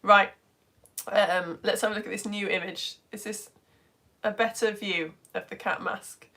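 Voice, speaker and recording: Woman host from the UK, casual live-stream lesson chat, self-deprecating and giggly, average pitch. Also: fairly even intonation, measured pace, sharp tone. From United Kingdom. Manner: self-mocking, giggly, rambling. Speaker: online lesson presenter.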